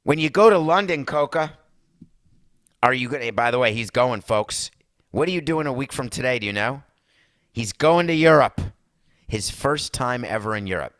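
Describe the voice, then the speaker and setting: A male podcast host with a bright, forceful voice talks in a sarcastic, rambling way and throws asides to his producer. The sound is dry and close, with no room echo. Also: fairly low pitch. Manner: mock Italian accent in one brief bit. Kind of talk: opinionated sports and culture talk.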